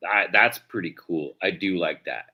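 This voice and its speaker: A man's voice: low-pitched, normal speed, muffled recording. A man from the United States co-hosting a casual sports talk show, loose and profane, calling everyone dude and bro. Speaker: co-host.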